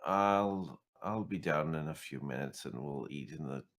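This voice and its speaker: Man, low voice, roleplay player, dry wry delivery. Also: moderate pace, fairly bright tone. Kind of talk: in-character roleplay chat.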